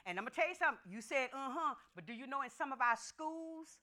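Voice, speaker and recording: A woman's voice: high-pitched, lively intonation, quick pace, bright, forceful tone. An older woman, preaching and telling a story in an emphatic, dialect-rich way that rises into fervor. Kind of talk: testimony-style sermon storytelling.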